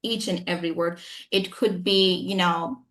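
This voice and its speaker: A woman's voice: fairly low pitch, steady tone, moderate pace, fairly bright tone. A woman English trainer speaking with an acquired American accent, talking emphatically in an interview and often asking "you know what I'm saying". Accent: American-style accent, acquired. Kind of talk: conversational interview.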